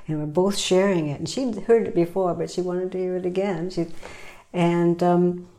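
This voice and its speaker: A woman telling a personal story in a hesitant way, with frequent pauses and fillers. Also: lowish voice, mellow.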